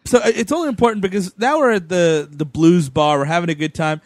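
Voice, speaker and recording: A man's voice: sits high, fast, no echo. A man co-hosting a casual movie podcast, wry and laid-back, swearing now and then. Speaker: podcast co-host. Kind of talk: casual movie-review chat.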